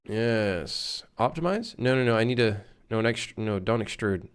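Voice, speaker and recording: Male streamer, casual, lively up-and-down delivery, frustrated swearing while building. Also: medium pitch, measured pace, few pauses, clean tone. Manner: frustrated muttering and swearing at the software. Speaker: game developer streamer. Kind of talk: casual live-stream commentary while working.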